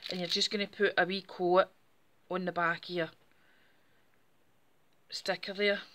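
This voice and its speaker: Woman hosting a craft demo; friendly, chatty delivery with a bright, clear edge. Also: fairly low pitch, little pitch movement, unhurried. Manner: chatty, friendly, explaining step by step. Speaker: craft channel host. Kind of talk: casual craft tutorial.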